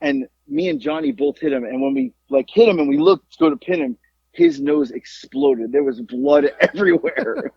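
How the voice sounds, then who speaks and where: A man with a gravelly, husky voice tells a rambling story, with his pitch jumping all over the place. His lo-fi audio sounds dull and dry, with no room around it. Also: moderate pace, dry recording. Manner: animated, profane, rambling with many fillers. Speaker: podcast co-host, former wrestler. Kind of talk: casual storytelling chat.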